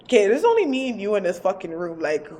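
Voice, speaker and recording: A woman's voice: mid-range voice, very animated, fast, warm tone, natural voice. A woman quoting a startled, cursing boyfriend. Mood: confused. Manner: bewildered, cursing. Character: startled young man, confused boyfriend.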